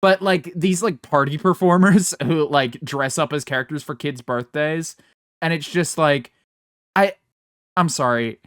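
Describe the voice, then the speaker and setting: A man's voice: on the high side, unhurried, no room sound, studio quality. A man co-hosting a podcast in casual chat, rambling and swearing freely, laughing often. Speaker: podcast co-host.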